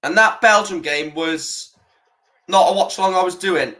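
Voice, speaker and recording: A young man hosts a live football watch-along, talking casually and swearing freely at a moderate pace. His slightly high voice comes out bright and forceful as he rants about the referee.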